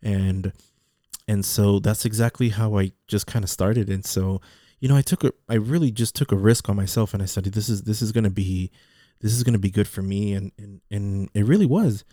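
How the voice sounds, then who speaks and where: A man's voice: fairly low pitch, moderate pace, warm tone, dry recording, clean studio sound. A man talking casually in a rambling monologue, repeating words and restarting his sentences. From Mexican heritage.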